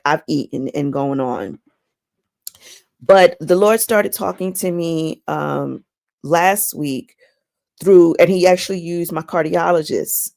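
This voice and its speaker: A woman hosting a casual, faith-based personal talk, chatty and animated, often repeating words as she goes. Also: low-pitched, gravelly. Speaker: inspirational vlog host.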